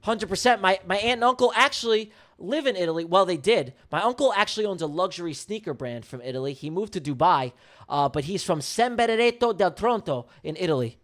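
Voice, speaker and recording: Fired-up high-voiced man ranting. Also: expressive, a little fast, fairly bright tone. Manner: blunt, heated rant with profanity; fired-up, repeating lines for emphasis. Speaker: livestream trading host. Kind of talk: live-streamed trading commentary.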